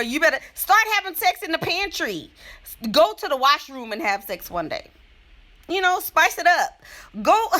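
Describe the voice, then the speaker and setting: A woman's voice: on the high side, pushed and bright. A young woman giving playful, sassy relationship advice in a casual vlog chat, laughing often, with features. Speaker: advice vlogger answering letters.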